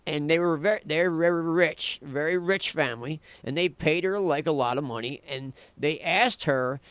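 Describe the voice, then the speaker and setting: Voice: mid-range voice, normal speed, fairly bright tone, clean tone, no echo. A radio talk show co-host who casually tells a story, rambling and restarting sentences. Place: radio studio.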